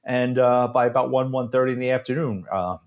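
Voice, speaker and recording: New york guy in his fifties, ex-cop spinning sarcastic stories, medium-pitched voice. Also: a little fast, muffled recording. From United States. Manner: sarcastic, animated storyteller. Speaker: retired police detective, guest. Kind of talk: casual storytelling interview.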